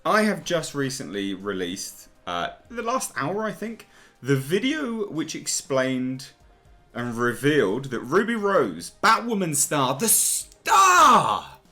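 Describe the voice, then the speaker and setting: A man's voice: medium pitch, sing-song, a little slow, a bit bright, soft background music. A man hosting a casual pop-culture commentary video, talking in a sarcastic, exasperated way. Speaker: YouTube commentary host.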